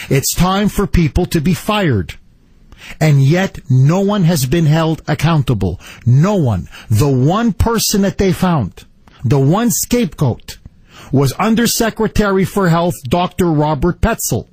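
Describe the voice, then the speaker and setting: Male talk radio host, high lively voice, husky edge, indignant and emphatic monologue, dry close sound. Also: no room sound.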